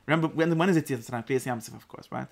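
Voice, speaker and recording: A man teaching an informal Torah class, lively and acting out the verses. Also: medium pitch, very fast, creaky. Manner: animated, acts out the verse in God's voice.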